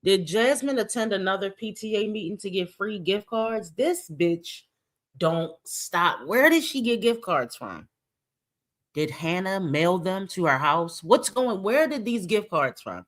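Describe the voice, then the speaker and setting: A woman's voice: mid-range voice, expressive, measured pace. Woman reaction host; sassy, conversational, keeps firing questions at the chat. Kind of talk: casual reaction commentary.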